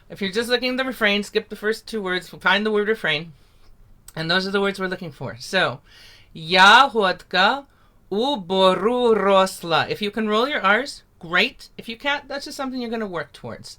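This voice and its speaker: A woman's voice: medium pitch, bright, forceful tone. A woman teaching a folk song over a video call, upbeat and encouraging, laughing easily.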